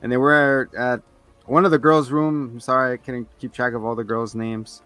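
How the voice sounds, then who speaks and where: A man's voice: mid-range voice, flat delivery, normal speed, fairly bright tone, dry recording, soft background music. A man hosting a casual movie chat podcast, retelling scenes and acting out characters in voices. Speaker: podcast host. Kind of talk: casual movie review banter.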